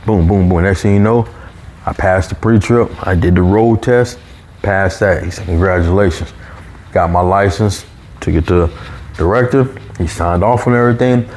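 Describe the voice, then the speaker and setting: Low-voiced man telling a story casually. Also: normal speed, a little hiss or hum. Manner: animated, raises pitch when quoting coworkers.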